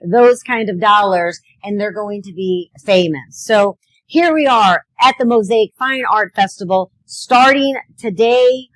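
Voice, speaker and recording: A woman's voice: mid-range voice, measured pace, no room sound, poor audio. A woman co-hosting a live local show at an outdoor street fair, chatting casually and laughing often.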